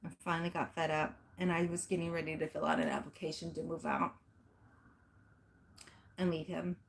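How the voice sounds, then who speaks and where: A woman's voice: low voice, level tone, moderate pace, creaky. A middle-aged woman, a fitness vlogger, telling a personal story in casual chat and speaking straight to her viewers with emphasis. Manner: emphatic, addresses viewers directly.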